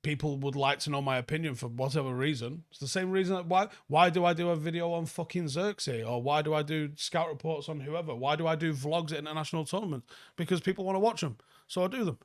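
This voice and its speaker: Blunt sweary football host. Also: male voice, a little high, fast, hardly any pauses. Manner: blunt, sweary, reads viewer comments aloud and answers them. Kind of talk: live stream chat review.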